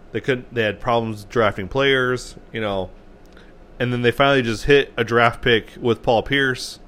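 A man hosts a solo sports podcast in a loose, unscripted way. He rambles through his points, restarts sentences and keeps clearing his throat. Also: medium pitch, a bit bright. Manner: rambling, self-correcting, frequent throat clearing. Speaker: podcast host.

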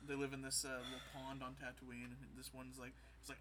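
A man casually recapping a show, retelling scenes with quick quoted voices and laughs. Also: mid-range voice, completely flat delivery, bright, forceful tone, a little hiss or hum. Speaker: podcast co-host recapping an episode. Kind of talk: casual chat.

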